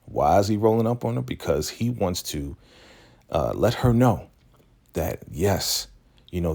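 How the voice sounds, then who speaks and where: A man casually recapping a TV episode, animated and acting out the characters as he goes. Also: deep voice, vocal fry. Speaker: show recap host.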